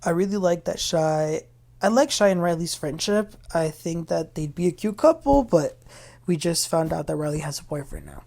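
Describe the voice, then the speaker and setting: A woman's voice: fairly low pitch, animated, vocal fry, mellow. Chatty, opinionated woman recapping TV. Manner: chatty and opinionated, retelling scenes quickly. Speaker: reality TV recap host. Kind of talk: casual episode recap commentary.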